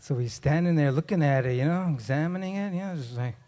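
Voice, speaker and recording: A man's voice: a little high, fast talker, warm tone. A man telling a comic story on stage and hyping up the crowd with call-and-response. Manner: laid-back, joking, audience call-and-response. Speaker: stage performer. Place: large conference hall. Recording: reverberant conference hall.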